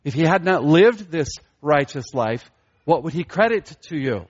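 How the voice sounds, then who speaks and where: A man preaching a sermon with emphatic delivery, repeating key phrases and rising in pitch to stress a point. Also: expressive, moderate pace, husky. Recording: dull lo-fi recording.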